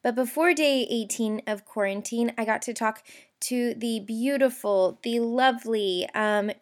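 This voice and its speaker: A woman's voice: on the high side, measured pace. A woman hosting a podcast in casual chat, bubbly and gushing with lots of fillers, recording in a bathroom under a blanket. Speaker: podcast host. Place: bathroom, blanket over her head.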